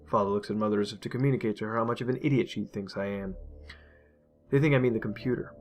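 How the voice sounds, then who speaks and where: A man reading a dark first-person story aloud, intense and emotional. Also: on the low side, fairly even intonation, fast. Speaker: narrator. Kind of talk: dramatic horror story reading. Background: faint music.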